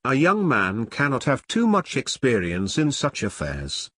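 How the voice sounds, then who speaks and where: A man voicing a stern nobleman prince in an audiobook, speaking gravely and formally. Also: medium pitch, huge pitch swings, measured pace, fairly bright tone, exaggerated voice. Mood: commanding.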